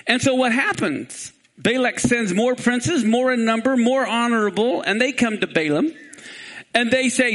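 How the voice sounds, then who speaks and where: A male preacher delivering a sermon, animated and full of rhetorical questions to the congregation. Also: high-pitched.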